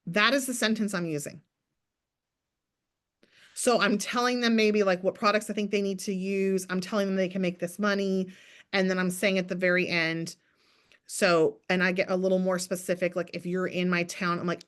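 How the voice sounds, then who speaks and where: A woman in her thirties coaching a sales team in a lively, chatty way, acting out sample messages as she goes. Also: medium pitch, moderate pace. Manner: energetic, chatty, acts out sample messages in bright voices. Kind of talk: motivational coaching talk.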